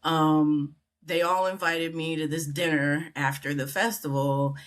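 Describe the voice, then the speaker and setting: This middle-aged American interview guest tells a casual story at a measured pace, her voice sitting low with fairly even intonation, though she acts out the people she quotes with big jumps in pitch.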